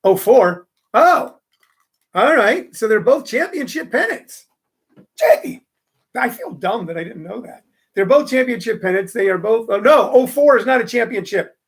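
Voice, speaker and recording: A man's voice: very high-pitched, very animated, a little slow, breathy edge. A man from St. Louis hosting a casual live-stream comedy show, chatting in a rambling, self-interrupting way. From St. Louis, Missouri.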